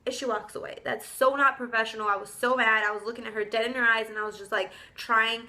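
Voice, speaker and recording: A young woman telling a storytime vlog in a casual, indignant, animated way, full of slang. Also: a little high, fast. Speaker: vlogger.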